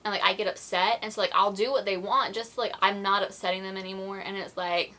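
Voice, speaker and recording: A woman vlogger talking casually straight to her viewers, voice bright and forward. She rambles with lots of "like" fillers, keeps apologizing, and slips into quick acted-out snippets of conversations. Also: medium pitch, steady tone. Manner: chatty, filler-heavy, apologetic, acts out quoted exchanges. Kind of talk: casual vlog chat to camera.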